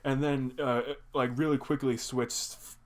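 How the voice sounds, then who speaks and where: A young man with a mid-range voice speaks flatly and without hurry as he casually recaps a cartoon episode. He's a reaction video host who rambles and fills his speech with lots of "like."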